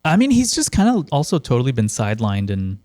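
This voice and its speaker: A man's voice: mid-range voice, wildly swooping pitch, fast, darkish tone, no room sound, studio quality. A man co-hosting a podcast, chatting about politics in a rambling, sardonic way with lots of fillers. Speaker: podcast co-host. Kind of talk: casual political chat.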